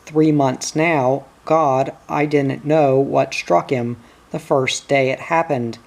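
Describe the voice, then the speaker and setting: A reader voicing a worried middle-aged country wife, telling her troubles slowly. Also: mid-range voice, steady tone, vocal fry. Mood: troubled.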